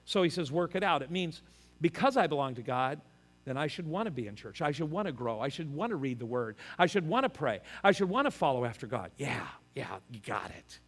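An older male pastor delivers a sermon with a notably high-pitched voice, pressing his points hard and then easing into self-mocking jokes. His words ring out with a long reverb, as if spoken in a big church hall. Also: sing-song, brisk, a bit bright, faint music behind. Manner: emphatic preaching with joking personal asides.

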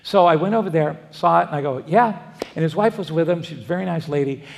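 A man's voice: fairly high pitch, quick pace, creaky. A man, a pastor, preaching a sermon and wandering into folksy personal stories with frequent restarts. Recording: long hall reverb.

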